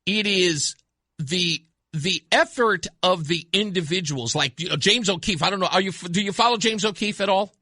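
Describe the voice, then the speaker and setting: A man hosting a talk radio show, telling stories in an excitable way with quick restarts. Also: high voice, dry recording, studio quality. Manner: excitable, fast storytelling with frequent restarts. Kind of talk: animated talk radio chat.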